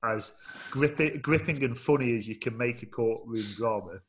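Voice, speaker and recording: A man's voice: medium pitch, moderate pace, slight background noise. A man from England hosting a casual podcast chat, steering the talk with many fillers. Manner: friendly, guiding the talk, hesitant fillers. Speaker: podcast host.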